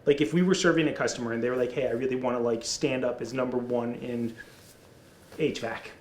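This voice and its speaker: A man co-hosting a podcast, talking casually in a rambling, energetic way in an office conference room. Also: mid-range voice, brisk, roomy sound. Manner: rambling, energetic, restarts often. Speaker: podcast co-host.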